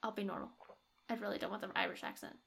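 A woman's voice: medium pitch, fairly even intonation, rapid-fire, vocal fry, fairly bright tone, husky. A young woman co-hosting a podcast, chatting casually and reviewing a product with strong opinions and frequent laughs. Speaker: podcast co-host.

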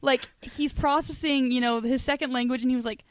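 A woman's voice: high voice, steady tone, fairly quick, no room sound. A woman co-hosting a podcast, gushing and giggling as she tells stories in casual chat. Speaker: podcast co-host.

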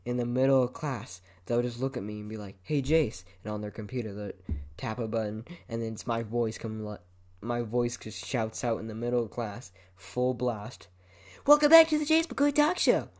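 A man's voice: medium pitch, little pitch movement, moderate pace, warm tone. A young man hosting his own podcast, talking casually and rambling into a microphone while moving his head, with frequent swearing. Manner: rambling, laid-back, swears often. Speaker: podcast host. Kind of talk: casual solo podcast monologue. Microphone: microphone, head moving around it.

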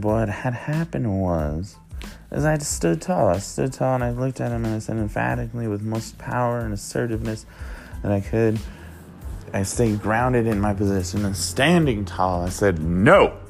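Casting note: man, low and gravelly, rambling profane storyteller vlog read, faint music behind. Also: normal speed, a little mellow. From Worcester, Massachusetts. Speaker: vlogger. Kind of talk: casual storytelling.

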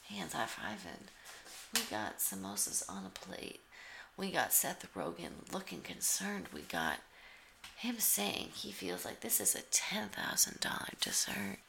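Gravelly, sarcastic woman commentator. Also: extremely low pitch, a bit bright, a little hiss or hum. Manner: sarcastic, teasing asides. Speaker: comedic commentator. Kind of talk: mock play-by-play over a cooking show.

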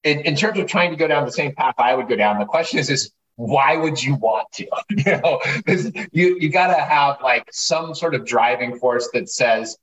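Animated man in a roomy distant recording. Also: medium pitch, moderate pace, few pauses. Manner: animated, profane, acts out quoted voices. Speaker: guest, wine writer. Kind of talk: casual storytelling interview. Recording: roomy, distant mic, faint noise.

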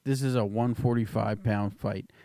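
A man co-hosting a podcast, talking excitedly about a fight, swearing and laughing often. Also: fairly low pitch, normal speed, dry recording. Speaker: podcast co-host. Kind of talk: casual chat.

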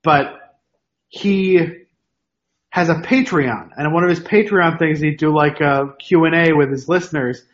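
A man's voice: fairly high pitch, measured pace, dull audio. A man from New York with no regional accent, co-hosting a podcast in casual, rambling chat full of tangents. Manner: rambling, self-interrupting, wanders into tangents. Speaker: podcast co-host.

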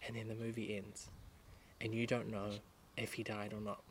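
A man's voice: fairly low pitch, monotone, normal speed, a little hiss or hum. Rambling young man, casual chat. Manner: rambling storyteller, many fillers. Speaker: podcast co-host. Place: outdoors in a garden.

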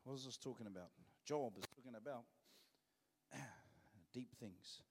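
A man's voice: medium pitch, a little slow, darkish tone, breathy edge, big-room sound. A man with a New Zealand accent, preaching a sermon as pastor in a joking, conversational way. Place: church.

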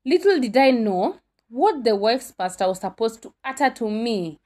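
A woman's voice: fairly high pitch, animated, moderate pace, darkish tone. A young woman with a Kenyan accent telling a storytime tale, dramatic and full of exclamations as she switches between languages. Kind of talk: animated storytime.

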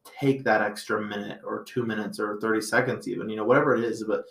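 Low-voiced man rambling in a roomy space. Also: level tone, fast talker, gravelly, fairly bright tone. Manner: rambling, reflective, many fillers. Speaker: podcast host. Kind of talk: casual podcast chat. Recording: roomy echo.

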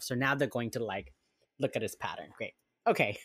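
A woman's voice: very deep voice, lively intonation, a little fast, fairly bright tone, husky, no echo. A woman chatting casually on a podcast, recapping a TV episode and acting out the characters' lines with lots of laughter. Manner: swears casually. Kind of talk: casual chat.

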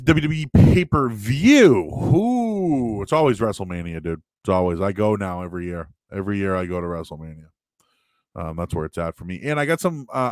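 A man's voice: on the low side, dry recording. A man hosting a live stream, answering chat questions in a casual, rambling and joking way with frequent restarts. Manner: animated, joking, restarts a lot.

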